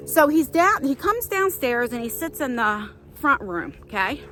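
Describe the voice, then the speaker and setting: Animated woman vlogging on a trail. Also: high-pitched, unhurried. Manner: animated, chatty storyteller. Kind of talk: walk-and-talk vlog storytelling. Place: outdoor nature trail.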